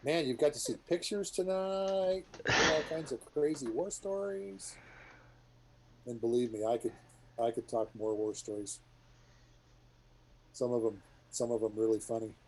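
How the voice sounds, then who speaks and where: A middle-aged man, a retired military pilot, telling rambling war stories to a group in a casual, animated way. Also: medium pitch, unhurried, long pauses, a little hiss or hum, rough recording. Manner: rambling, animated, many restarts and asides.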